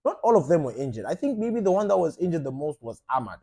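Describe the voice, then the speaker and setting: Animated football fan, high-pitched. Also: male voice, fast talker, slightly rough. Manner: animated, repetitive, swears casually. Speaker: football fan channel host. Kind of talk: casual opinion monologue.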